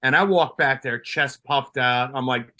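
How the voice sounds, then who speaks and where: A man's voice: mid-range voice, a little slow, sharp tone. A retired police sergeant from Colombia, a man, telling a story in a casual interview, with many restarts and fillers.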